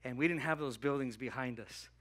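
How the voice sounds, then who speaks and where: A man pastor delivering a sermon in a church, telling a personal story and acting out conversations with God in an animated way. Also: mid-range voice, a little fast. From Southern California. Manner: animated, acts out dialogue with God. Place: church hall.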